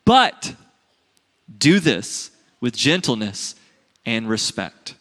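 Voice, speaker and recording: A man's voice: mid-range voice, very animated, extremely slow, a bit bright, long reverb tail. A man in his thirties preaching a sermon in an earnest, conversational way, often checking in with "right?". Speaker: pastor.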